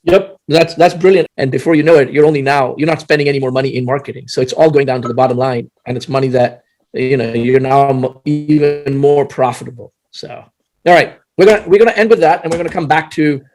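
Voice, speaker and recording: A man's voice: mid-range voice, fairly quick, poor audio. A man hosting a casual podcast, agreeing upbeat and wrapping things up. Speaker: podcast host.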